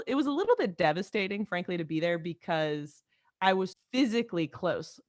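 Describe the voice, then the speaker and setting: A woman guest, a comedy writer, chatting casually in an interview, animated and full of quick restarts and asides. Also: lowish voice, dry recording, clean studio sound.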